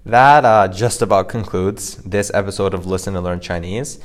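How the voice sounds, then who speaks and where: Co-hosting a casual language-lesson podcast, a man with a low voice chats at a moderate pace. He restarts phrases often and leans on plenty of fillers.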